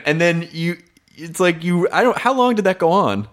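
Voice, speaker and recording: A man interviewing a comedian in a relaxed chat, mostly asking short questions and chiming in. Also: sits high, normal speed. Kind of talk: casual conversation.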